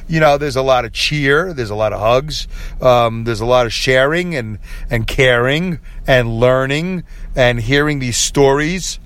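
A man's voice: mid-range voice, measured pace, fairly bright tone, smooth. A tired middle-aged man hosting a late-night solo podcast, talking candidly and rambling with many fillers and restarts. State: tired, yawning. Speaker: podcast host.

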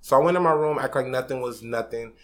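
Talking quickly at a medium pitch, a twenty-something guy opens up on a podcast about something personal. He's loose and slangy, curses a lot, and gets emotional.

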